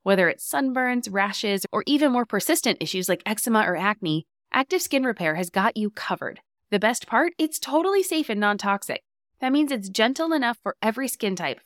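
A woman's voice: medium pitch, dry recording, clean studio sound. Upbeat woman reading a podcast ad. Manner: upbeat, chatty read. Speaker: podcast host. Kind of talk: read ad.

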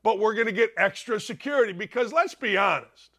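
Brash middle-aged male talk-show host, high-pitched, loud storyteller who mutters, then shouts. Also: expressive, brisk. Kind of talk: opinionated sports talk monologue.

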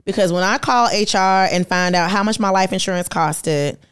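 A woman in her thirties, a podcast guest, telling her story in a lively, animated way and acting out the people in it. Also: medium pitch, moderate pace, clear, resonant tone. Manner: lively storyteller who acts out quoted voices. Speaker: podcast guest, artist and entrepreneur. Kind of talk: animated storytelling in casual conversation.

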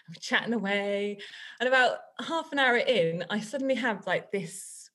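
Woman, lively storyteller, laughs often, casual podcast chat. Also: mid-range voice, normal speed. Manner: chatty, animated, laughing often. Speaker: guest author and teacher.

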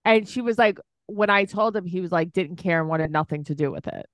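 A woman's voice: on the low side, no room sound, studio quality. A woman co-hosting a podcast, reacting bluntly and with disbelief in casual chat about a reality show. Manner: blunt, incredulous, quick to laugh. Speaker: podcast co-host.

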